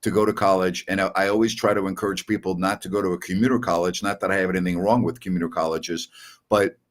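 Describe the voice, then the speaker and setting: A New York podcast host in his sixties talks in a low voice with fairly even intonation and a quick pace. He tells rambling stories in a casual chat, chuckling often.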